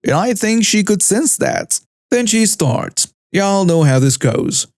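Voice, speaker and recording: A man with a fairly high voice narrates a first-person story. His delivery is flat and even, like a script being read aloud. The recording is close and dry, with no room sound. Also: measured pace, no room sound.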